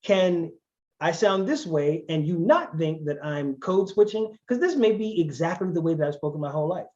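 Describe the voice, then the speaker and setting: A man giving a lecture on language and culture in an animated, conversational way, often acting out the voices he quotes. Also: fairly high pitch, normal speed. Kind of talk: recorded lecture. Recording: dull lo-fi recording.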